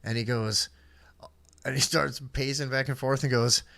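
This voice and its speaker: A man's voice: medium pitch, fairly even intonation, normal speed, creaky, bright, forceful tone, dry recording, clean studio sound. A man co-hosting a live stream, casually telling a rambling, profane story from his youth. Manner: rambling, laid-back, swearing. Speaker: podcast co-host.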